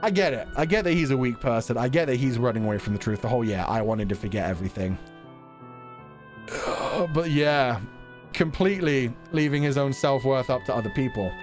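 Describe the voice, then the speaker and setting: Male streamer, casual commentary, swears a lot, indignant, faint music behind. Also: medium pitch. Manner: exasperated, profane, animated ranting.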